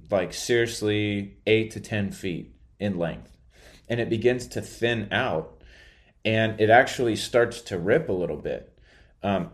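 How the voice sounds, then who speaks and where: Low-voiced man rambling through a story. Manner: rambling, hesitant, many filler words. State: drowsy after a nap. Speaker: podcaster. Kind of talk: casual storytelling monologue.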